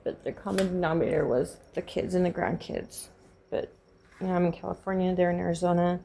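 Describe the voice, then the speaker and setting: A middle-aged woman telling a painful personal story in halting, grieving, raw speech. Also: fairly low pitch, fairly even intonation, creaky, mellow, slight background noise. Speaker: vlogger sharing a personal story. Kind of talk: candid personal testimony.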